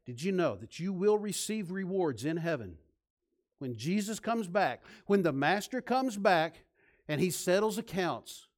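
A male pastor delivers a sermon, shifting between loud, emphatic lines and soft, hushed ones. He leads the congregation in call-and-response and slips in self-deprecating asides. His voice is high-pitched with lively intonation, and he takes an unhurried pace.

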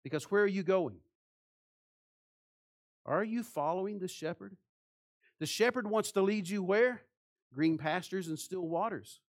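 A man preaching a sermon with passion, asking rhetorical questions and swinging between soft, hushed phrases and loud ones. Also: high voice, a little slow, long pauses. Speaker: pastor.

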